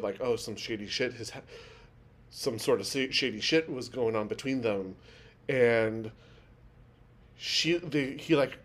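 A man co-hosting a podcast, talking through a TV episode in loose, rambling chat. His voice sits at a middle pitch, and he keeps stacking fillers. When he quotes a character he jumps higher and louder. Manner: rambling with many fillers, acts out quotes in a raised voice. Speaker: podcast co-host. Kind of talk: casual chat recapping a TV episode.

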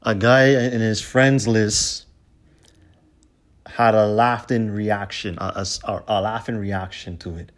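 A man's voice: fairly low pitch, steady tone, takes it slowly. A man ranting to camera with heated, profane, repetitive commentary. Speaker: vlogger.

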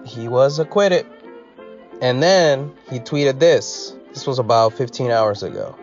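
Male host, casual read-and-react commentary, sarcastic asides, mid pitch, muffled audio with soft music bed. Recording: slightly dull audio with faint music.

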